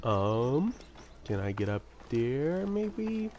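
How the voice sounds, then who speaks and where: A man with a lowish voice talks a little fast, with background noise and video game music in the mix. As a let's-play commentator, he keeps up a casual, wandering patter full of self-mocking asides.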